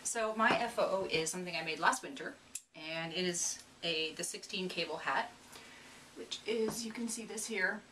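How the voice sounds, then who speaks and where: A woman's voice: fairly low pitch, moderate pace. A woman co-hosting a casual knitting podcast, chatty and self-deprecating, getting over a cold. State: recovering from a cold. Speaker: podcast co-host. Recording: distant mic with faint room noise.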